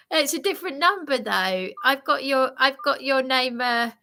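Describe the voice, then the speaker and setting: A woman's voice: high-pitched, normal speed, hardly any pauses, bright, forceful tone. A woman live streaming, talking in a flustered, agitated and apologetic way. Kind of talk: rambling live-stream chat.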